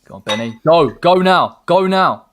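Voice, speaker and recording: A man co-hosting a football watchalong, reacting to play in an animated way and urging players on. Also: on the high side, moderate pace, slight background noise. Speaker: co-host of a fan channel watchalong. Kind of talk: excited live match commentary.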